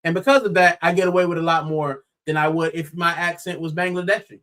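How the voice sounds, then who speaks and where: Young American male co-host, bright forceful tone, excitable, chatty sports banter. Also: a little high, fast talker. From United States. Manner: animated, exclaiming, says bro often. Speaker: podcast co-host. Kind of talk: casual football chat.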